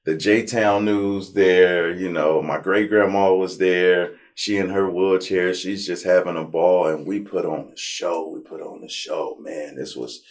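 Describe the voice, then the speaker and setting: A man from Compton, telling his life story in a relaxed, slangy interview. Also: low voice, unhurried, hardly any pauses. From Compton, California. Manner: animated storyteller, slangy, acts out his past self. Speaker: interview guest.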